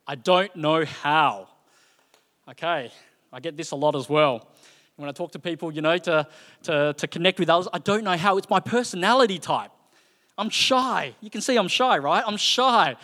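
A man giving a sermon in a church hall, talking in a conversational, animated way with frequent fillers and restarts. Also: on the high side. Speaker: preacher. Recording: reverberant hall.

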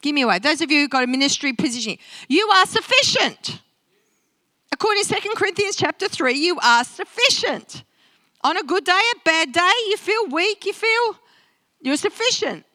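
A woman pastor preaching a sermon in a church, animated and talking straight to the congregation. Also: very high-pitched, moderate pace, no room sound. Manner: animated, interactive preaching with acted-out quotes. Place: church service.

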